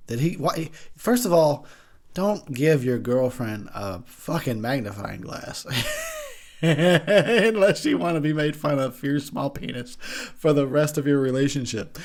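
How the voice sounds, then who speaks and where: A man's voice: on the high side, expressive, unhurried. A young man giving crude, joking commentary over a movie while drinking beer, laughing often. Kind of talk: casual drunk movie commentary.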